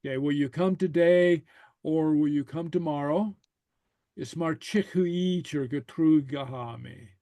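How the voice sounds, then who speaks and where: A man's voice: a little high, measured pace, warm tone, no room sound. A man teaching a language class, patiently saying phrases and translating them line by line. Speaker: Gaelic teacher.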